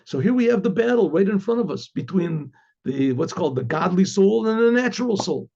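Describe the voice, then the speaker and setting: A man with a high, husky voice tells a story as a rabbi, acting out the people in it and often clearing his throat and restarting words. His tone is mellow and dark. The recording is dull and lo-fi. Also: brisk. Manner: animated retelling with acted quotes, frequent throat-clearing and restarts. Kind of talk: storytelling talk.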